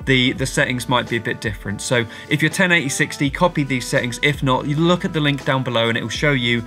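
Bright, upbeat tutorial host, man. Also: mid-range voice, fast talker, soft background music. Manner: upbeat and chatty, with slangy asides. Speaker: music streaming tutorial host. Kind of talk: casual tutorial vlog.

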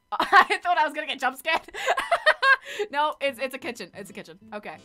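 A woman streaming a game, giving casual, excitable, rambling commentary and swearing freely. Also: high voice, quick pace, soft background music.

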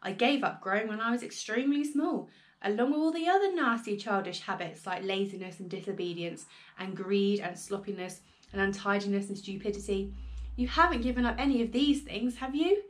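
A woman's voice: medium pitch, brisk, natural voice. A woman doing a nasty old grandmother. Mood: bossy. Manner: snappish, scolding, relishing disgust.

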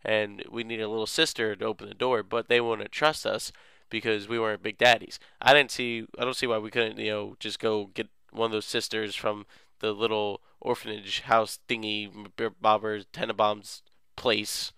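Young male let's play host, goofy and rambling. Crisp, dry voice. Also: fairly low pitch, flat delivery, normal speed, bright, forceful tone, no echo. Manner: rambling, goofy, lots of filler words. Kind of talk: casual game recap.

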